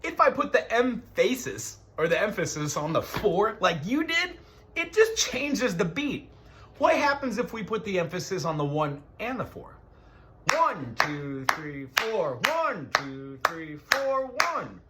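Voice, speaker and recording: A man's voice: sits high, very animated, normal speed, heavy background noise. A man teaching a one-on-one music lesson, explaining patiently and counting beats aloud.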